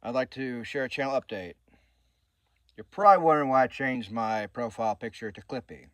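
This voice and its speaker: A man's voice: medium pitch, a little fast, fairly bright tone, no echo. A man hosting his own channel, giving a casual update in an earnest, rambling way with restarts. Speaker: channel host and author.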